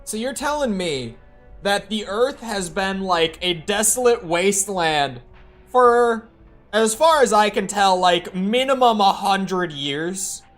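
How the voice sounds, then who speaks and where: A man's voice: sits high, animated, takes it slowly, a bit bright, soft background music. A man streaming a game, chatting casually with rambling, self-correcting, sarcastic asides. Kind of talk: casual gameplay commentary.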